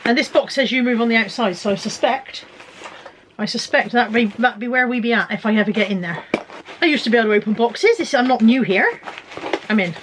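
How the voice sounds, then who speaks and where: A woman's voice: a little high, lively intonation, brisk, background noise. A middle-aged woman chatting casually and joking at her own expense while unboxing parcels. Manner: chatty, self-mocking, fiddling with packages as she talks. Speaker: vlogger.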